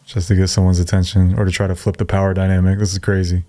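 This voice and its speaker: A man's voice: low voice, flat delivery, fast talker, mellow. A man hosting a reaction video, giving blunt, mocking commentary and laughing often. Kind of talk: casual commentary.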